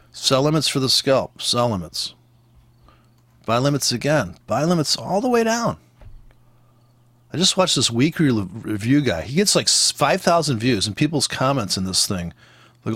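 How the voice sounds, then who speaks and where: A man's voice: mid-range voice, sing-song, moderate pace, pauses often, a bit bright, breathy edge, dry recording. Blunt, profane man ranting about trading. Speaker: forex trader teaching. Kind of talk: ranting trading commentary over charts.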